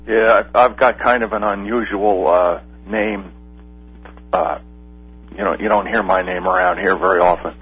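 A man calling in to a Christian talk radio show, telling a story in a rambling, halting way with many fillers. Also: on the low side, lively intonation, vocal fry, husky. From Pennsylvania. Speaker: caller. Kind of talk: call-in radio chat. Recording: dull lo-fi phone line.

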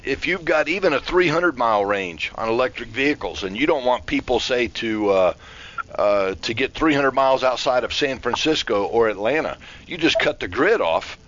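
A man's voice: medium pitch, fairly bright tone. A man hosting a call-in radio show, talking in a hesitant way full of fillers. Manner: hesitant, filler-heavy, slow. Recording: dull lo-fi broadcast audio.

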